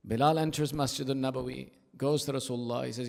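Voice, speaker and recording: A male preacher giving an emphatic, rhythmic sermon at an Islamic center, telling stories and dropping into hushed asides. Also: medium pitch, fast, creaky, hardly any pauses. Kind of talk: sermon with storytelling. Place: large prayer hall of an Islamic center. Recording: long hall reverb.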